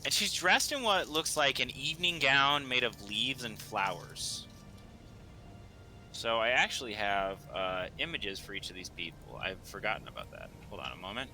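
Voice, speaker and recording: Bright-voiced male game master. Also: medium pitch, animated, moderate pace, faint music behind. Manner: casual, rambling with many fillers. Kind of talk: narrating a tabletop game.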